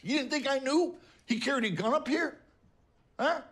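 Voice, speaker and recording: An actor playing a gruff, blunt, middle-aged working-class father in a film drama. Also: medium pitch, lively intonation, moderate pace. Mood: bitter.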